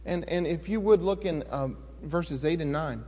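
A man's voice: on the high side, normal speed, darkish tone, husky, in a large hall. A middle-aged man, a pastor, preaching a sermon and telling a personal story in a folksy, conversational way with sudden emphatic rises.

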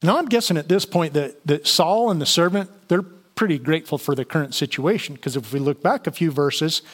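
Guy preaching, kinda higher voice, chatty bible teaching w/ lots of you-knows. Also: brisk. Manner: conversational Bible teaching with fillers and restarts. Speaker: pastor. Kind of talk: sermon.

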